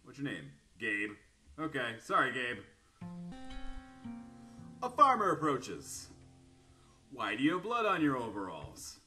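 A man commentating a game he plays, with a sharp, tense edge to his voice and a lively pitch that swings high and low. He talks slowly and reads answers aloud in animated voices, laughing often, with soft guitar music playing faintly behind him. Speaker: gaming YouTuber. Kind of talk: let's-play commentary.

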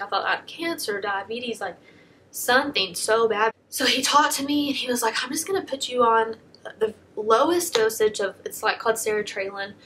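A young woman YouTuber telling a personal story in a soft, confessional way, packing almost every phrase with "like". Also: fairly high pitch, slight background noise. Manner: heavy filler "like", soft confessional.

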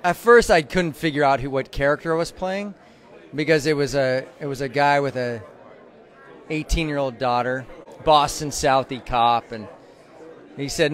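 A man, an actor, talking about his role in a reflective, halting way, outdoors at an event. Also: medium pitch, a bit bright. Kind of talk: interview answers.

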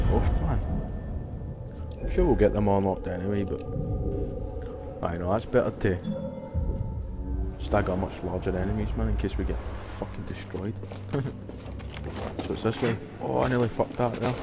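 A man commentating his own video game play in a casual, excitable way, swearing freely and shouting out during fights. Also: lowish voice. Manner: swearing, excitable outbursts and shouts while playing. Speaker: gamer playing a video game.

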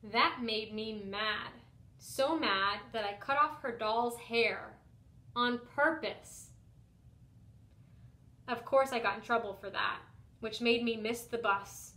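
A young adult woman, a teacher, reading a picture book aloud to children in an expressive first-person style. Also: fairly high pitch, slow pace, pauses often. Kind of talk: storybook read-aloud for children. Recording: roomy echo.

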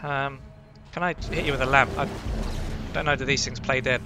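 A man hosting a casual let's-play from home, excitable, jumpy and heavily profane. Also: medium pitch, normal speed, background noise. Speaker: gaming channel host.

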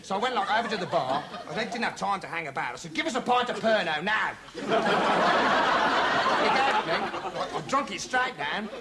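An actor playing a dim, bumbling young male reporter who talks straight to camera in a deadpan, rambling way, full of "like" and "you know". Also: sits high, moderate pace, over a noisy crowd. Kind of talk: comic monologue to camera. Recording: noisy TV studio with audience laughter.

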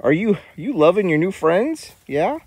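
A man's voice: high-pitched, very animated, measured pace, heavy background noise. A man hosting his vlog outdoors on a small farm, chatting casually to camera and cooing baby talk at the animals. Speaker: vlog host.

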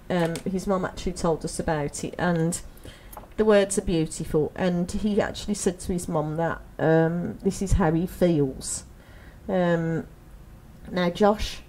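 Brief: woman radio host, lower-pitched voice, casual studio chat, teasing and talkative. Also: warm tone, a little hiss or hum. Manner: chatty and teasing, with um fillers. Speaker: radio presenter.

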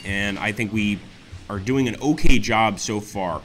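A man hosting a let's play, commenting excitedly on a strategy war game and often exclaiming to his viewers. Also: fairly low pitch, unhurried, slight background noise. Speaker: gaming channel host.

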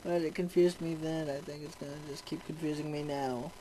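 Young man, gameplay commentary, excitable outbursts, slightly high voice, faint game noise. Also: brisk, poor audio. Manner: excitable, frustrated muttering and outbursts. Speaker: gamer. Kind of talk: let's play commentary.

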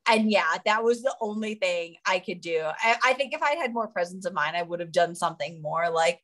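A woman's voice: on the low side, expressive, fairly quick, fairly bright tone. Bubbly young American woman, giggly. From United States. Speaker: Olympic marathon runner, guest. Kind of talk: casual interview chat.

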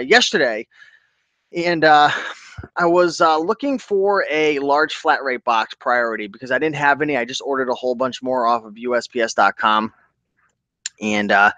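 A man hosting a casual livestream about online reselling, upbeat and chatty, giving shout-outs to viewers. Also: medium pitch, no room sound.

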